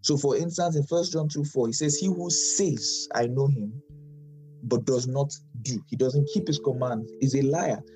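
Man teaching a Bible sermon, mellow voice. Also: medium pitch, moderate pace, faint music behind, rough recording. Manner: explanatory, reads verses with stress, tag questions. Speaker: pastor.

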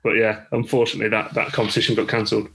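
A man's voice: fairly low pitch, completely flat delivery, rapid-fire, fairly bright tone, a little hiss or hum, rough recording. A man with an English accent, a rugby coach telling stories as a guest in a casual podcast chat. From England. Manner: chatty, with many restarts and laughs. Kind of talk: casual interview storytelling.

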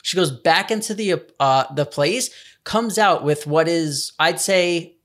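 A man's voice: on the high side, measured pace, fairly bright tone. A young man telling a rambling, swear-filled story in casual chat. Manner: rambling anecdote, swearing, laughs often.

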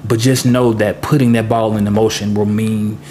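A man's voice: lowish voice, flat delivery, normal speed, a little mellow, slight background noise. A middle-aged man hosting a solo podcast, talking in an earnest, reflective way and often repeating words as he thinks. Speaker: podcast host.

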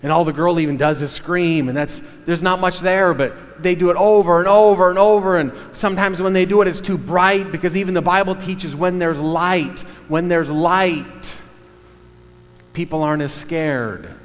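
A middle-aged man telling a story in a sermon, halting, with many fillers and restarts. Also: high-pitched, long reverb tail.

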